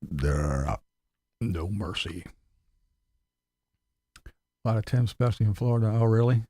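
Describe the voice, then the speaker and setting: A man's voice: fairly low pitch, expressive, unhurried, dark tone, no room sound, studio quality. A man hosting a casual commentary vlog, blunt and mocking, cursing freely. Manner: mocking, blunt, swears a lot. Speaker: commentary channel host.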